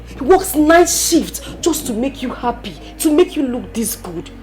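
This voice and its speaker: A woman's voice: sits high, very animated, unhurried, a little mellow, faint music behind. An actress playing an indignant Nigerian woman scolding her friend, mixing Igbo words into her English. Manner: scolding, exclaiming, switches into Igbo.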